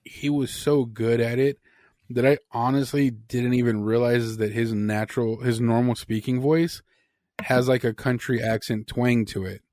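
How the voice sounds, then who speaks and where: Male co-host, mid-pitch, dry close sound, blunt and casual with swearing. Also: fairly even intonation, moderate pace, a little mellow, no echo. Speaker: podcast co-host. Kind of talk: casual chat.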